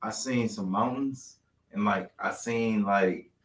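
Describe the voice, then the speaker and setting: A young man hesitantly telling a story in a casual chat, pausing to find his words. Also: on the low side. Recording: roomy sound from a distant mic.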